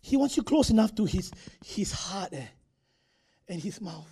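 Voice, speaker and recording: High husky male preacher. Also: lively intonation, unhurried, mellow. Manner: conversational, acts out quotes, tag particles. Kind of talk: sermon.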